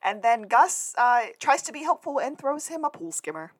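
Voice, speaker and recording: A woman's voice: fairly high pitch, normal speed, slightly rough. A woman co-hosting a podcast, chiming in with plot points and short remarks in casual chat. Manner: relaxed, adds short remarks and plot beats. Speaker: podcast co-host.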